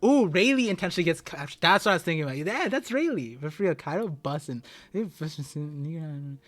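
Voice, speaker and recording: A young man streaming live, reading a comic chapter aloud and reacting with excited exclamations and stammers. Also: fairly high pitch, brisk.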